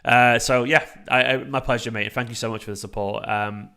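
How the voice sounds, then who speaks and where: Casting: young man, livestream host, animated, loose, swears freely, mid-pitched. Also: brisk, gravelly, clear, resonant tone. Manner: animated, chatty, swearing, frequent fillers and restarts. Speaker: fan channel host reading live chat. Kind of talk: casual livestream chat.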